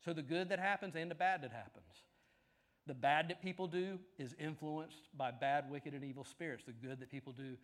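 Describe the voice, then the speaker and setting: A man preaching a sermon, telling stories with lively build-ups that rise to shouts. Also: fairly high pitch, normal speed. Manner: animated storytelling, shouting at climaxes. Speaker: pastor.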